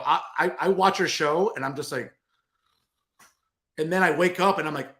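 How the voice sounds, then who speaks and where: A man's voice: on the high side, normal speed, pauses often, sharp tone. A man hosting a political talk show, ranting in a combative, sarcastic way that keeps repeating itself. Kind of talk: political commentary rant.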